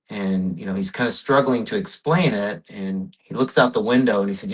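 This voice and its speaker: A man speaking as a podcast guest, telling his story with emphasis in a relaxed interview. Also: lowish voice, fairly quick, hardly any pauses, poor audio. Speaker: podcast guest, real estate investor. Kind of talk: casual interview talk.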